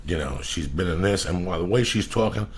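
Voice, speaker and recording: A male podcast host telling a profane, blunt, animated story. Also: sits low, quick pace, a little hiss or hum.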